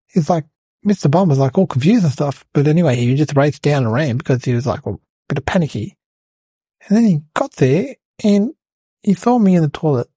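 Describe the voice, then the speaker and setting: A man voicing an excitable, rambling young schoolboy, telling a comedic story. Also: fairly high pitch, brisk, breathy edge, no echo. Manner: breathless rambling storyteller, lots of "like" and "guys".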